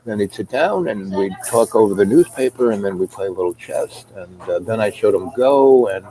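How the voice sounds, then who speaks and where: A middle-aged man tells a personal story in a loose, rambling way, full of fillers and asides. His voice sits low and sounds mellow. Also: expressive, moderate pace, a little hiss or hum, poor audio. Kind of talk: casual spoken anecdote.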